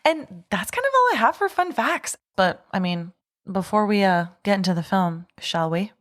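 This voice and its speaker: A woman's voice: medium pitch, big pitch swings, moderate pace, a bit bright. A young woman co-hosting a podcast, chatting casually, laughing often and sharing fun facts. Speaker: podcast co-host.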